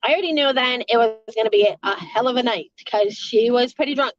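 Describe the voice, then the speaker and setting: High-voiced woman rambling through a storytime. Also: a little fast, lo-fi sound, a little hiss or hum. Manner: rambling, swearing, laughing often. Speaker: vlogger telling a story. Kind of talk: casual storytime.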